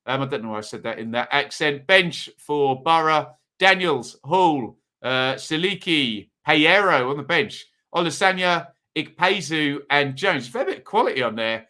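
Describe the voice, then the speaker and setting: A man's voice: mid-range voice, bright, forceful tone. A man hosting a live football watch-along, chatting casually with frequent ums and uhs as he reads out team sheets. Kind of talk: casual live commentary to chat.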